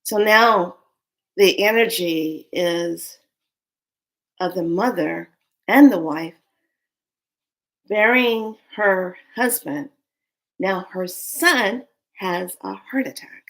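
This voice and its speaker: A woman telling an emotional personal story, earnest and intense, sometimes dropping to a hushed whisper and sometimes rising in anger. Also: mid-range voice, very slow, creaky, long pauses. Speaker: storyteller recounting a loss.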